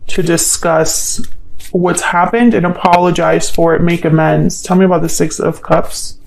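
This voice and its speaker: A woman's voice: fairly low pitch, fairly even intonation, measured pace, vocal fry, darkish tone, slight background noise, low-quality recording. A woman giving a solo tarot love reading, thinking aloud in a hesitant way and asking the cards questions as she goes. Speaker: tarot reader.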